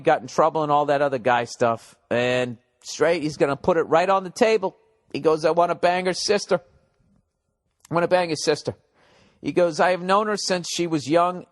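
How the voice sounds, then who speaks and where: A man hosting a comedy podcast, rambling profanely and mocking listener emails, his voice a little cracked. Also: a little high. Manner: profane, sarcastic, reads listener emails aloud. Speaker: podcast host.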